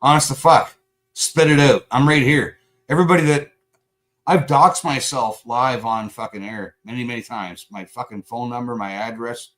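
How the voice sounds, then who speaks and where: A man's voice: mid-range voice, steady tone, normal speed, a bit bright. Angry profane man ranting on stream. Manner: sarcastic. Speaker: livestream host. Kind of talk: live stream chat rant.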